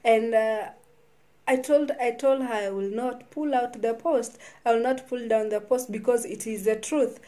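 Woman telling her story, warm. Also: fairly high pitch, fairly even intonation. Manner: halting, with frequent restarts and repeated words. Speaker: vlogger. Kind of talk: personal storytelling vlog.

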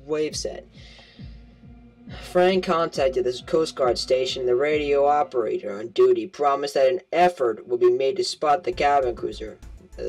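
A man's voice: mid-range voice, a little mellow, low-quality recording. A man reading a novel aloud as an amateur audiobook, stumbling and correcting himself as he goes. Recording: home recording with faint music.

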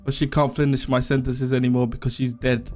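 A man giving a joking eulogy in a deadpan, mock-emotional way. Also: mid-range voice, a little fast, faint music behind. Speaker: eulogy speaker.

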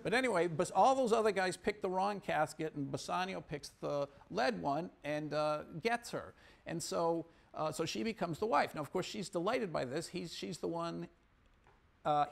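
A man giving a university economics lecture, retelling a story in an animated way, with many fillers and restarts. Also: sits high, vocal fry. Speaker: economics professor. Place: lecture hall.

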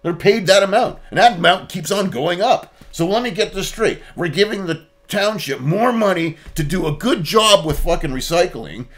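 A man's voice: high-pitched, expressive, moderate pace, few pauses, a bit bright. Man, guest, cursing rant with a voice that jumps up and down. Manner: profane, ranting. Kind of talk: casual podcast chat.

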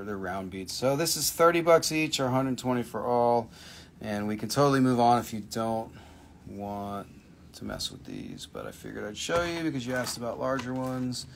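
A man's voice: mid-range voice, gravelly, slight background noise. A man hosting a live crystal sale, chatting casually with viewers, swearing freely and answering their questions. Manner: loose, profane, reads out viewer questions. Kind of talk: casual live-stream sales chat.

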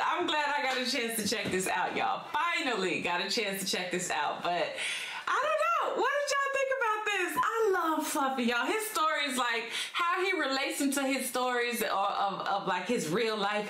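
A woman hosting a reaction video, talking in a relaxed, chatty way straight to her viewers. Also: on the high side, echoey room, slight background noise. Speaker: reaction channel host. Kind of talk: casual reaction chat.

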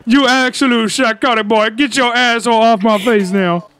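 A man roleplaying a jumpy, excitable cop in a game, with an extremely high-pitched voice. It has a bright, piercing edge, and he blurts out frantic lines, adding "sir" to nearly everything. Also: normal speed, clean tone. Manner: frantic and excitable, shouts, keeps calling people sir. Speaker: roleplayer playing a police officer in a game.

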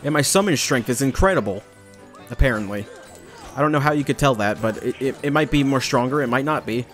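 A young man giving casual, rambling gameplay commentary, joking and swearing, with taunts at enemies. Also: mid-range voice. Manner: rambling, jokey, swears, bursts into loud taunts. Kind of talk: casual let's play commentary. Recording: faint game music behind.

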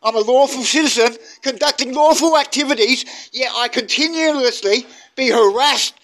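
A man's voice: very high voice, normal speed, a bit bright, rough recording. An upset Australian man, filmed outdoors on a handheld phone, indignantly repeating accusations during a police stop. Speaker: cyclist filming a police stop. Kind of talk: heated confrontation.

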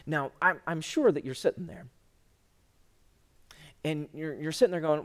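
A pastor giving an online sermon, folksy and humorous, swinging from loud emphatic lines to hushed tender ones. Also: male voice, on the high side, unhurried, long pauses. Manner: folksy and humorous, full of restarts.

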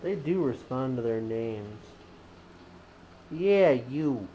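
Woman cooing and cussing at her cats at home, slow, faint background hiss. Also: extremely low pitch, animated, mellow, low-quality recording. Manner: teasing, coos and swears at the cats. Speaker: vlogger filming her cats. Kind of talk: casual talk to pets. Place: at home indoors.

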